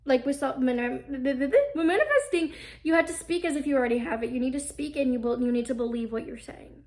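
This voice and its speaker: A woman's voice: high-pitched, a little fast, a little mellow. A young woman hosting an advice podcast, talking casually and earnestly, with lots of fillers.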